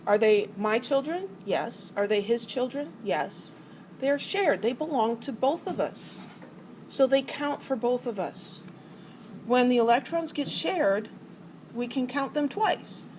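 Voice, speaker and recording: A middle-aged woman teaches a college chemistry class in a playful, unhurried lecture, acting out atoms as arguing characters to explain ideas. Her voice is fairly high and expressive, and the rough recording carries slight background noise.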